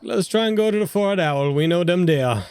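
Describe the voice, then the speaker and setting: A man's voice: sits high, lively intonation, brisk, a little mellow, smooth, no echo. A man playing a tabletop game, talking casually and bluntly in loose, slangy grammar. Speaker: player.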